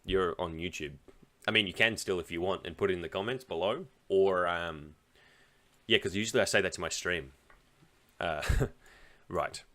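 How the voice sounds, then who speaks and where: Low-voiced man talking through chess moves. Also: normal speed, pauses often, bright, forceful tone. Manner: thinks aloud through moves, chatty asides. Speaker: chess streamer. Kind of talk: casual live game commentary.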